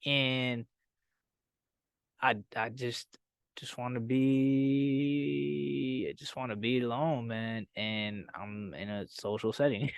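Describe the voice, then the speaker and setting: A man talking casually as a podcast guest, halting and searching for words with casual slang. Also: medium pitch, fairly bright tone, dry recording, clean studio sound. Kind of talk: casual chat.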